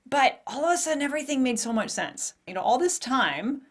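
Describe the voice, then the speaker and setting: A woman's voice: high voice, fairly quick, few pauses. Candid woman in her forties telling a story. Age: 40s. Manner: candid, animated storytelling with laughs and acted-out quotes. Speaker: podcast host. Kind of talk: personal monologue.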